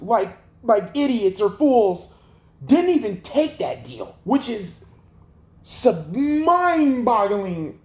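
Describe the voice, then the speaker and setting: A man's voice: high-pitched, mellow, echoey room. A man hosting a sports livestream, ranting in an exasperated, profane way with lots of rhetorical questions. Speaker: sports channel host.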